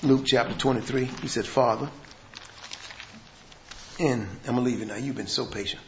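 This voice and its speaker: A man's voice: mid-range voice, steady tone, normal speed, gravelly, muffled recording, slight background noise. Impassioned man preaching in echoey church. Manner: swings from hushed to shouting, folksy grammar. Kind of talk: sermon.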